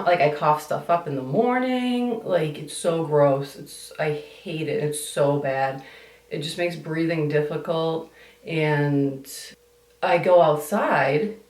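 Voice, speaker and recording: A woman chatting while doing her makeup in a get-ready-with-me vlog, rambling and complaining, swearing casually. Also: low voice. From United States. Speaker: beauty vlogger. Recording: echoey room, somewhat far from mic.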